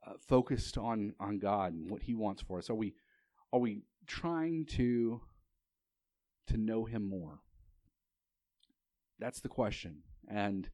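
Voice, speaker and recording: A man's voice: fairly low pitch, darkish tone, no echo. A man preaching a sermon. He tells a personal story in a conversational way, often restarting his sentences, and asks the congregation rhetorical questions.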